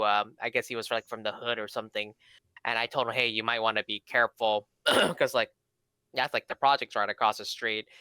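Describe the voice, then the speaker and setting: Podcast co-host, young man, bright clear tone, rambling anecdotes, dry close sound. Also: mid-range voice, no room sound. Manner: rambling, many fillers and restarts. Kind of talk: casual storytelling chat.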